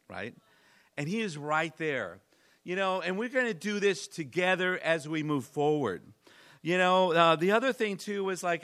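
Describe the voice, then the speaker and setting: A man's voice: a little high, fairly bright tone. A middle-aged man preaching conversationally to his congregation, rambling and repeating himself, building in intensity. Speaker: pastor. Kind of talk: sermon.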